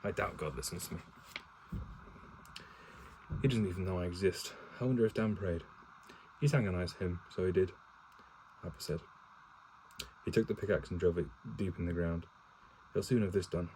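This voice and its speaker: Casual home reader, male, low warm voice, stumbling plain read-aloud with self-corrections and cursing asides, no character voices. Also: normal speed, pauses often, slight background noise, low-quality recording. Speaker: reader reading a novel aloud to his partner.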